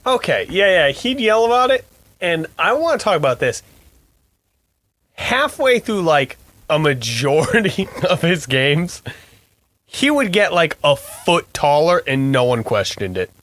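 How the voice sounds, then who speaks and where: A man's voice: a little high, big pitch swings, a little slow, fairly bright tone, no room sound. A young man co-hosting a podcast in crude, laughing casual chat. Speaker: podcast co-host.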